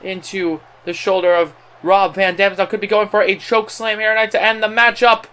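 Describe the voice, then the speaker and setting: A young man giving play-by-play wrestling commentary over a video game as a gaming channel host, with an excited announcer voice, many fillers and self-corrections. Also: sits high, normal speed, clear, resonant tone.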